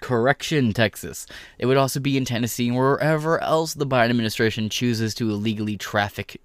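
A man's voice: mid-range voice, steady tone, quick pace, clear, resonant tone, no echo. A young man ranting through sarcastic, profane political commentary and reading a press release aloud.

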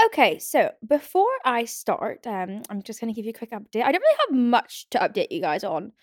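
A woman's voice: fairly high pitch, big pitch swings, brisk, no room sound, studio quality, soft background music. A young woman hosting a casual solo podcast, rambling and chatty with lots of "like". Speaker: podcast host. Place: home.

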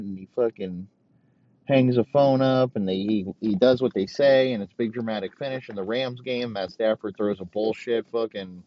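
Male host, very deep voice, crude rambling rant with constant swearing, dry lo-fi sound. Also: moderate pace, dry recording. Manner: crude, rambling, heavy swearing, mock outrage. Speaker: podcast host. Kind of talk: profane comedic rant. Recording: dull, dry lo-fi recording.

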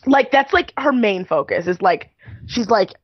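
A woman's voice: medium pitch, expressive, normal speed, husky, dry recording, dull audio. A young woman co-hosting a podcast, chatty and full of "like", often mimicking the people she talks about. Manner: chatty, lots of "like", mock-imitating people. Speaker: podcast co-host. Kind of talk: casual chat recapping a TV show.

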